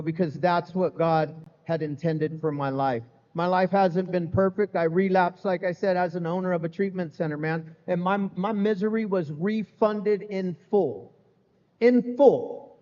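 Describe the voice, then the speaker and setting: A middle-aged man with a high-pitched, darkish voice tells his recovery story to a live audience in an event hall. He's candid and funny, speaking casually and dropping lots of "man" and "you know." The sound is echoey and slightly muffled.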